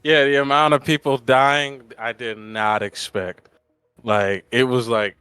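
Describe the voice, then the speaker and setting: A man co-hosting a casual review podcast, chiming in loudly with laughs and swearing. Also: mid-range voice, fairly even intonation, measured pace, smooth, no echo, faint music behind. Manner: loud, laughing, swearing interjections. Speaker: podcast co-host.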